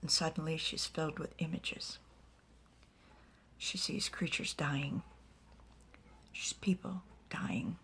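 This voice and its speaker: A woman narrating a fantasy story in soft, whispered ASMR storytelling with small asides. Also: low voice, steady tone, slow pace, pauses often.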